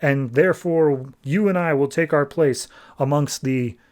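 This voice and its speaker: A man's voice: on the high side, unhurried, a little mellow, close to an everyday voice. A man voicing a scheming, ambitious male sea king villain with a grandiose, boastful delivery.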